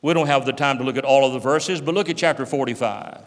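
A man's voice: medium pitch, quick pace. Impassioned preacher man in a reverberant hall. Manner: impassioned, swinging from hushed to loud cries. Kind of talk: sermon.

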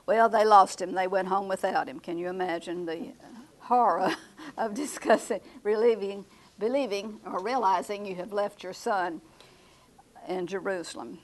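A woman's voice: mid-range voice, moderate pace, low-quality recording. An older woman leading a Bible study class in a conversational way, repeating her students' answers and often chuckling. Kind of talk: Bible class teaching with questions.

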